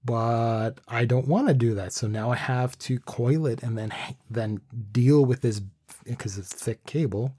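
Guy rambling about his mic setup, dark and husky, dry sound. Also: medium pitch, a little slow, dry recording. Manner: rambling, thinking aloud with restarts. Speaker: vlogger reviewing his microphone setup. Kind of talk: casual talk to camera. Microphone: studio condenser microphone with pop screen.

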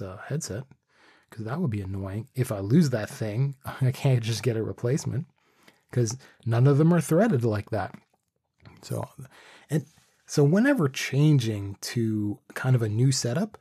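Dark, husky man talking gear. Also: mid-range voice, dry recording, studio quality. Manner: rambling, thinking aloud with restarts. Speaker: vlogger reviewing his microphone setup. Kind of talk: casual talk to camera. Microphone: studio condenser microphone with pop screen.

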